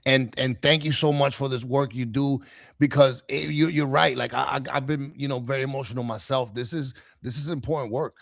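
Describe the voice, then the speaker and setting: Gravelly male co-host, heartfelt. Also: mid-range voice, steady tone, brisk, no room sound, studio quality. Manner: heartfelt, fervent. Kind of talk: casual chat.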